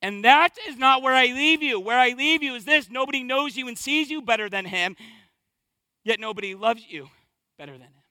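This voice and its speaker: A man preaching a sermon as pastor, impassioned and conversational, dropping to a hush and then rising loud. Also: very high voice, moderate pace, no echo. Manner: impassioned, swings from hushed to loud.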